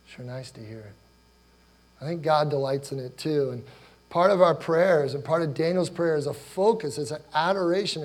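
A pastor in his forties from Ohio, USA, gives a conversational sermon built on personal stories and questions to his congregation, choked up with emotion. His voice is mid-range with a darkish tone.

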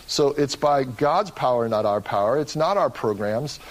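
A man's voice: medium pitch, lively intonation, moderate pace, poor audio. A man preaching a sermon as pastor of his church, earnest and often restarting his words. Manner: earnest, with frequent word repeats and restarts.

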